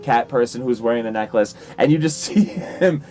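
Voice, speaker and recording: A man's voice: mid-range voice, moderate pace, mellow. A man narrating and running a tabletop game as game master, rambling with many fillers.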